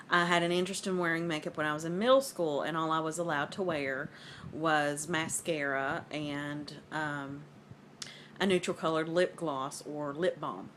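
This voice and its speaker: A woman's voice: low voice, a bit bright, a little hiss or hum. Rambling Southern woman vlogger. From American South. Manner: rambling, filler-heavy, conversational. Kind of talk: casual rambling chat. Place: at home.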